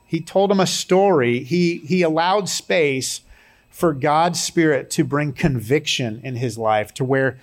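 A man preaching a sermon in a conversational way, mixing scripture with personal stories and light humor. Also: on the high side. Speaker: pastor.

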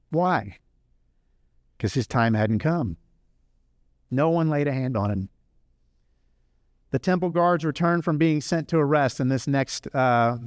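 A male pastor preaching a sermon in a slightly high voice, pressing his points with emphasis. He speeds up through some runs and slows right down to stress others. The sound is dry and close. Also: dry recording. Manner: animated, emphatic, swings between fast and slow drawn-out phrases.

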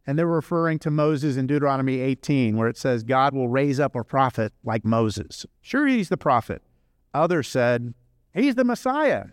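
A man preaching a sermon, animated and emphatic, switching between rushed runs and slow drawn-out phrases. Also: medium pitch, clear, resonant tone, no room sound, clean studio sound. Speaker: pastor.

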